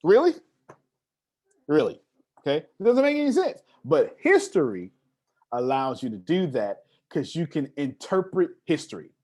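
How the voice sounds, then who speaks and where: A man speaks at a live seminar with a lively, swinging pitch. He hammers points home by repeating words and keeps asking his small audience whether they follow. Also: normal speed. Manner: emphatic, preacher-like repetition and questions to the audience. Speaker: motivational speaker.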